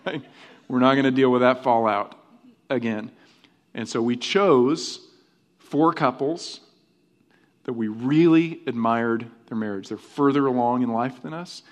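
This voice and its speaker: A middle-aged male pastor delivers a lively, conversational sermon. His voice sits at an ordinary pitch, and he keeps checking in with the congregation through quick rhetorical asides. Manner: animated, conversational, rhetorical "right?" tags.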